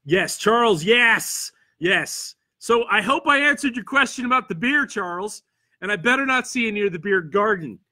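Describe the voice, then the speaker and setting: Bright-voiced Pennsylvania man hosting solo. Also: sits high, expressive, moderate pace. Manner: rambling and self-deprecating, with frequent fillers and restarts. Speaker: convention podcast host. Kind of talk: solo livestream chat reading viewer comments. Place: studio.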